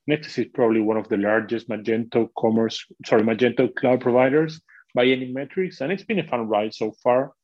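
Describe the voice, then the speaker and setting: A man's voice: medium pitch, fairly quick, lo-fi sound. A man who works as a product manager, a guest in a podcast interview, explaining technical ideas in a fluent, conversational way.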